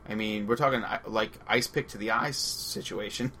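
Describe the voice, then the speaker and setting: A man with a Long Island accent, co-hosting a casual movie podcast, excitable and rambling, laughing often. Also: on the low side, fairly quick, vocal fry, a little hiss or hum. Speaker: podcast co-host.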